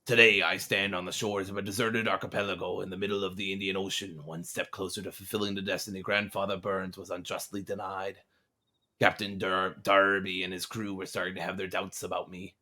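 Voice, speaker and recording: A man's voice: flat delivery, sharp tone. A man putting on a solemn pirate captain. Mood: grave. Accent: put-on pirate accent. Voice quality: low, measured and grandly formal. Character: solemn old-time male pirate captain writing a journal. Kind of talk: reading game journal entries aloud.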